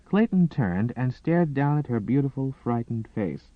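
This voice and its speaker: A man narrating a romance audiobook in a dramatic, expressive reading style. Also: medium pitch, unhurried, no room sound. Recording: dry, tinny phone-like sound.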